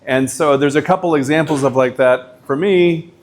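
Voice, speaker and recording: A man's voice: fairly high pitch, moderate pace. Chatty middle-aged man lecturing. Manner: casual, chatty, with many likes and you-knows. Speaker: professor.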